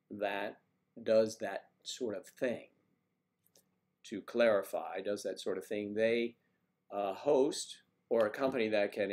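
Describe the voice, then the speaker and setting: A man hosting a livestream, chatting casually and rambling as he answers viewer comments. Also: lowish voice. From United States. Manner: rambling, chatty, wandering between topics. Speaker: livestream host.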